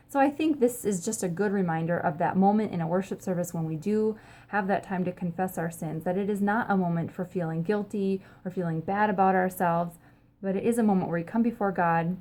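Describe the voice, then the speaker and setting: This woman is a pastor who hosts a short church video series, giving a casual, upbeat teaching talk to the camera. Her voice is lowish and warm, a little fast, and she chats along with frequent ums.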